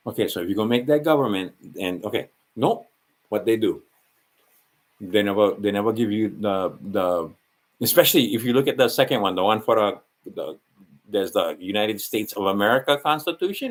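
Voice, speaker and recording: A man's voice: medium pitch, expressive, normal speed. A man with a Hawaiian Pidgin accent talking in a casual, rambling monologue, full of restarts and slang.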